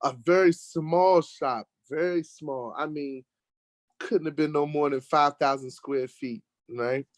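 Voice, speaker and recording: An American man telling a lively road-trip story in casual conversation, getting worked up when he acts out arguments. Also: fairly high pitch, measured pace, dry recording. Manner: animated storyteller, rising sharply when acting out arguments. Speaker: guest telling a travel story. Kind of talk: casual storytelling in an online talk show.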